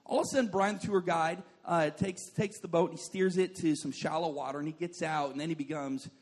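Young male preacher, husky, higher register, animated storyteller. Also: fairly quick, long reverb tail. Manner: animated, jokey, acts out voices of people in his stories. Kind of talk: sermon with comic storytelling.

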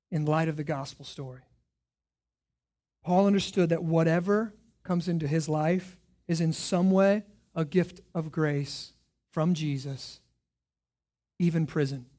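Pastor guy preaching, high voice, goes quiet then loud, lots of questions. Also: a little slow, long pauses. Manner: emphatic preaching, rhetorical questions, swings from hushed to loud. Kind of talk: sermon.

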